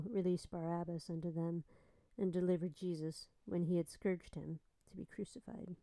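A woman reading scripture aloud in a calm, unhurried voice. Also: fairly low pitch, creaky, no echo, rough recording. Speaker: scripture reader.

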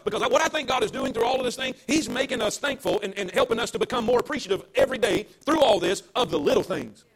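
High-voiced, fast preacher. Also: male voice, a bit bright, husky. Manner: emphatic, repetitive preaching to a home audience. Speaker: pastor. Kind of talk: sermon.

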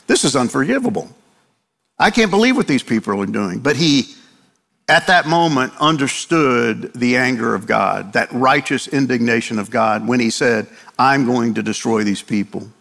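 A man's voice: medium pitch, gravelly, bright, forceful tone, long reverb tail. An older man preaching a sermon in a conversational way, acting out quotes from the text. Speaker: pastor.

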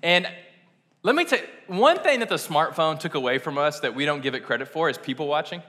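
This young pastor's voice is a little high, expressive and a bit fast, bright and forceful. He gives a casual, conversational sermon, self-deprecating and quick to laugh at himself, with long hall reverb from the church sanctuary.

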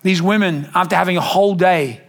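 A man, a pastor telling a lively family story in a sermon and acting out the voices. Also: high-pitched, fairly quick. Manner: animated, acts out family voices.

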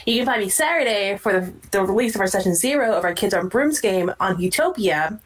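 A woman talks eagerly and at length in a casual tabletop-game setting, piling up one plan after another. Her pitch sits in a middle range. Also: fairly bright tone, low-quality recording. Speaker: player. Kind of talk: casual chat, self-introduction.

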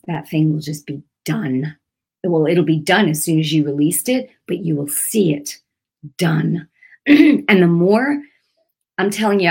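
A woman's voice: on the low side, vocal fry, a little mellow, breathy edge. Earnest middle-aged woman giving devotional teaching. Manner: earnest, conversational, repeats phrases with many fillers. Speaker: Christian teacher.

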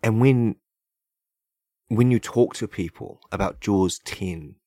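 A man's voice: lowish voice, takes it slowly, mellow, dry recording, clean studio sound. A man hosting a podcast, riffing through a long comedic monologue full of "like" and "right?", praising absurd ideas in a mock-earnest, tongue-in-cheek way. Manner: loose, filler-heavy riffing with many "like" and "right?". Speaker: podcast host. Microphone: podcast microphone.

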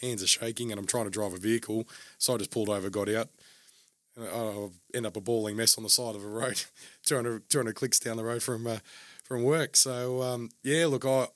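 A man talking openly in a casual chat, pausing often and restarting his sentences. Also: medium pitch, fairly even intonation, fairly bright tone, no room sound. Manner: halting, many restarts and fillers. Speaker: guest.

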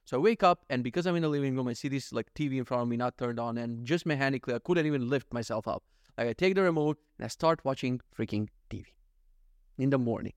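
Rambling, swearing podcast host, dry close sound. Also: male voice, mid-range voice, fast talker, dry recording. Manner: rambling, jokey, swears freely, acts out little scenes. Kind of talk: casual solo podcast monologue.

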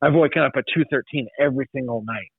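A man's voice: mid-range voice, quick pace, creaky, husky, no room sound. Young man, podcast guest, rambling casual testimony, dry close sound through a tinny phone-like line. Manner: rambling, many restarts and likes.

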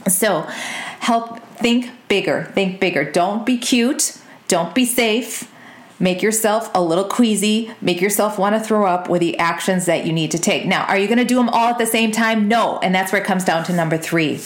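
A woman, coaching her listeners in an energetic, direct podcast talk and checking in with "okay?" and "y'all". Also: medium pitch, a little fast, reverberant. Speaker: business coach and podcast host.

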